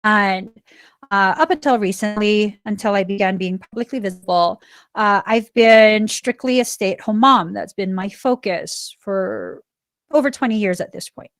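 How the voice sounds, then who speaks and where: A woman in her forties hosting a spiritual self-help podcast, talking earnestly and stressing key words, sometimes dropping to a soft, reflective tone. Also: medium pitch, a little slow, no echo. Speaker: podcast host.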